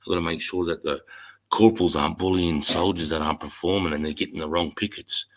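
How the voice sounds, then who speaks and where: A man's voice: low voice, steady tone, fast talker, low-quality recording. A middle-aged man with an Australian accent, chatting bluntly and swearing freely about army life as the host. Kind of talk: casual chat.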